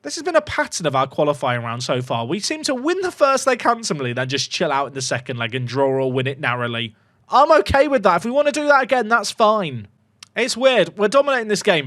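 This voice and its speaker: A man narrates his football game with big swings in pitch, jumping from low mutters up to loud cheers. His voice sits high and lively. The sound is close and dry, with no room around it. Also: fairly quick, no echo. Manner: excitable, jokey, reacts loudly to goals. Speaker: gaming YouTuber. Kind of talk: excited game commentary.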